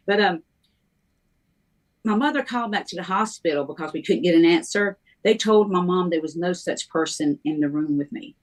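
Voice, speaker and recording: A middle-aged woman, a minister, telling her life story in a halting, conversational way, with many ums and restarts. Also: on the low side. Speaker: guest minister sharing her testimony.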